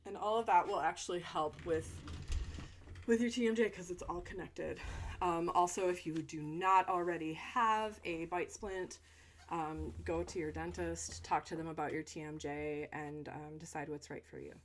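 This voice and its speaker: A young adult woman, a voice teacher, talking through a stretch routine in a relaxed, chatty way with fillers and asides. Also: lowish voice, normal speed. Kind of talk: instructional stretch demonstration.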